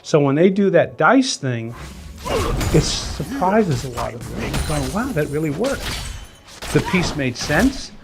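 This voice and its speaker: Guy explaining writing tricks, kinda high voice, music going loud behind him. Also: a little slow. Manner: animated, acts out voices and hums melodies. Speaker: writing teacher. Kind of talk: casual teaching chat.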